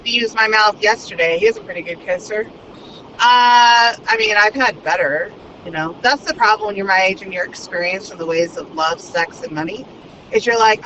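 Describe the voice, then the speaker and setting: A woman vlogging while she drives, talking in a fast, crude and unfiltered stream. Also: mid-range voice, lively intonation. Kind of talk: rambling monologue while driving. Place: inside a car in traffic. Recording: dull lo-fi car recording with road noise. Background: traffic noise.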